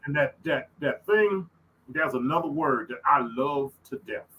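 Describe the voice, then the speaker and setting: A man, co-hosting a casual faith-minded podcast chat. He is excitable, laughs often and bursts up high. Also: unhurried, rough recording. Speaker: podcast co-host.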